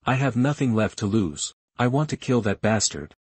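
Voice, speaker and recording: A man voicing an enraged, grieving middle-aged father who yells for vengeance. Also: on the low side, expressive, moderate pace, breathy edge, no echo. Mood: desperate fury. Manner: yelling angrily.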